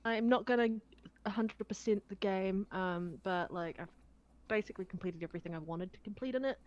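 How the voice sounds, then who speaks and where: A woman's voice: medium pitch, fairly quick, a little mellow, muffled recording. A woman on a gaming podcast panel, chatting with many fillers. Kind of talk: casual chat.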